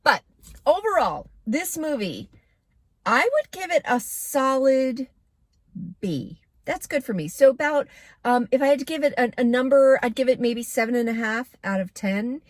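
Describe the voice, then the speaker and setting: A woman's voice: high-pitched, animated, moderate pace, no echo, studio quality. A woman giving a casual, candid movie review to camera, chatty with plenty of fillers.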